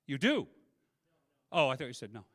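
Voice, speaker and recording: A man performing a stand-up comedy set at a convention, chatting with the crowd and landing deadpan punchlines into a handheld mic. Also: mid-range voice, moderate pace, no echo, clean studio sound.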